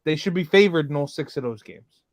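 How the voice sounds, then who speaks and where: Lively animated man. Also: fairly high pitch, a little fast, no echo. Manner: animated, confident predictions. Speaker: podcast co-host. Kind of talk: casual sports chat.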